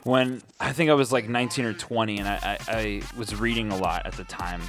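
A man's voice: fairly low pitch, steady tone, a little fast, music in the background. A man co-hosting a radio show, chatting casually and bluntly, reacting with swearing and laughter.

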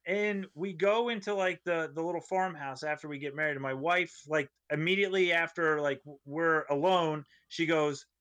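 A man, a comedian guest on a studio podcast, telling a rambling story in an animated way and acting out the voices of people in it. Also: on the high side, normal speed, few pauses. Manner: animated, acts out voices in his stories, rambling tangents.

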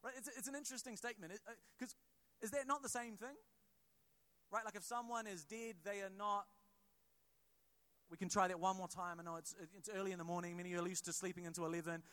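A high-pitched man preaching in a church, talking with his congregation rather than at it. He stumbles through restarts and tosses in quick asides as he explains a passage. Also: steady tone, a bit bright. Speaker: pastor. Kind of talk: sermon.

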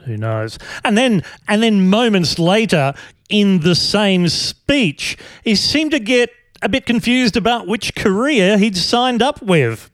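A man's voice: sits high, very animated, takes it slowly, no echo, studio quality. A man hosting a podcast, giving sardonic, rambling commentary full of fillers. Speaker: podcast host. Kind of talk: casual commentary.

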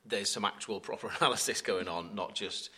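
Guy cohost, giddy and laughy, low-ish bright voice. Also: fairly quick, husky. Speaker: podcast co-host. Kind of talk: casual podcast chat.

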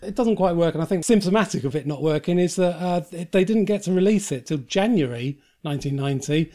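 Male host, high-pitched, dry wit, presents the picks. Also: lively intonation, quick pace, warm tone. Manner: dry and wry, lists film facts. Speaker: podcast host. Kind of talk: casual film chat.

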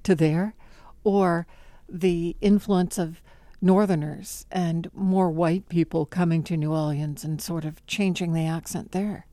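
A woman interviewer asking curious, measured questions. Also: fairly low pitch, steady tone, warm tone, dry recording.

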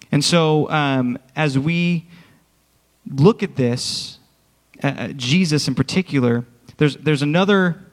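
A man's voice: a little high, big-room sound. A man preaching a sermon as worship pastor, speaking earnestly and directly to his congregation in a church. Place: church sanctuary.

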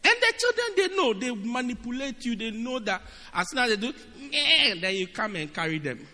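A man preaching a sermon in an animated, humorous way, often asking his listeners if they get it. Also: extremely high pitch, a little fast. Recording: long reverb of a large hall.

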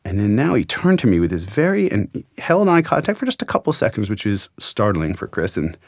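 A man's voice: fairly low pitch, wildly swooping pitch, a little fast, creaky, dry recording. A man, a journalist, earnestly retelling an emotional story from his own experience, quoting the dialogue. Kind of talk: storytelling interview.

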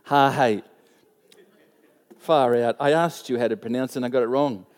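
A man preaching a sermon, telling a personal story in an animated way and laughing at himself. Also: mid-range voice, normal speed, in a large hall.

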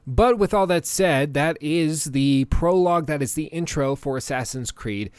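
A man's voice: a little high, moderate pace, darkish tone, clear, resonant tone, no echo. A man giving a conversational, opinionated video game review as a voice-over. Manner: conversational and opinionated, with small restarts.

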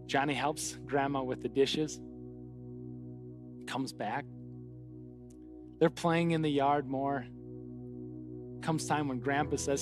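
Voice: mid-range voice, a little slow, darkish tone, soft background music. A pastor preaching a sermon, telling a story and building to a fervent appeal.

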